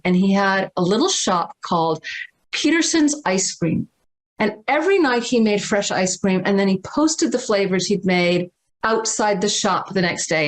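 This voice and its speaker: A middle-aged woman from Massachusetts, telling an earnest, animated story as a guest teacher on a video call. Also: mid-range voice, poor audio. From Massachusetts, USA. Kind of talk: storytelling in a livestream talk.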